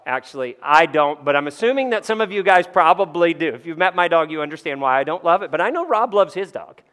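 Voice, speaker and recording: Chatty pastor with a smooth voice. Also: male voice, on the high side, lively intonation, normal speed, few pauses, a bit bright. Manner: conversational, asks the room "right?" often; self-deprecating humor. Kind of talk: sermon. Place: church.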